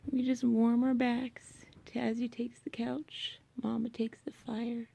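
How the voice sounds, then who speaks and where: A woman's voice: fairly high pitch, level tone, slow, creaky, mellow, no echo. A woman at home by the fire, filming on a handheld camera and cooing to her cat in baby talk, often slipping into a whisper. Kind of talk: casual baby talk to a pet. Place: at home by a fireplace.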